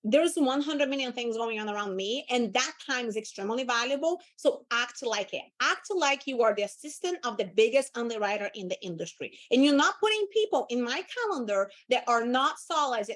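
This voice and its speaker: A woman's voice: fairly high pitch, animated, a little fast, few pauses, a bit bright. A woman leading a live sales training, assertive and commanding, repeating words for emphasis.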